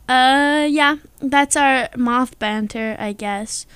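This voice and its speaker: A young woman hosting a radio show, her voice sitting a little high as she chats loosely and gushes over facts. The sound is close and dry, with no room around it. She stays casual and eager the whole way through. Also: slow, hardly any pauses, clear, resonant tone, no echo. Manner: chatty and excitable, gushing over facts. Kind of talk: casual on-air chat.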